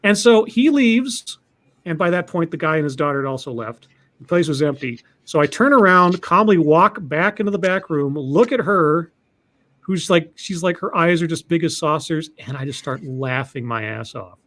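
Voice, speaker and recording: Man with a fairly high voice telling a rambling story. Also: animated, normal speed, fairly bright tone. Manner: rambling, with many restarts and repeated words. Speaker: podcast host telling a story. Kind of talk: casual storytelling.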